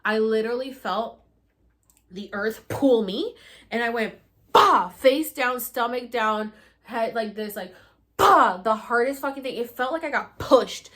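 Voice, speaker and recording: A young woman vlogger telling a story casually and animatedly, acting out her own pleas in high, loud bursts and swearing freely. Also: measured pace.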